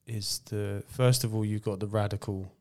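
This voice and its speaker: A man's voice: fairly low pitch, fairly even intonation, normal speed, a little mellow, a little hiss or hum. A man hosting a faith podcast, speaking thoughtfully and hesitantly. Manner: thoughtful, hesitant with fillers and repeats. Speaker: podcast host. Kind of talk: casual conversation.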